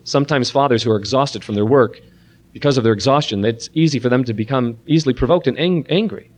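A man leading a Christian parenting seminar, praying softly and then preaching earnestly and animatedly to a room of listeners. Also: medium pitch, fast. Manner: earnest, animated preaching with a soft-voiced prayer. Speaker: seminar speaker. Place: room with an audience.

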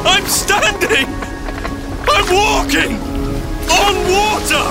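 An actor playing an impulsive fisherman disciple, excitable and breathless. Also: very high-pitched, extremely slow, gravelly, over loud music, full character voice. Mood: panicked.

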